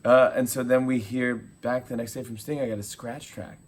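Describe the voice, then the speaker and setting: A man in his forties, a talk show host, telling animated stories in a casual interview and acting out quotes. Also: mid-range voice, a little fast. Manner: animated storyteller, acts out quotes.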